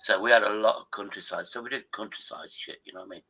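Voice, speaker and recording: Brief: older man in his sixties, sharp bright tone, rambling and sweary, livestream host on a call. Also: fairly low pitch, quick pace, slightly rough, low-quality recording. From Derbyshire, England. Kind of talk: casual chat.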